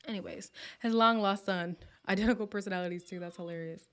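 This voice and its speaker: A woman hosts a relaxed live stream from home. She chats in a playful, gossipy way, often laughs, and sometimes slips into a whisper. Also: fairly low pitch, fast talker, few pauses, clear, resonant tone. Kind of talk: casual live chat reacting to viewer comments.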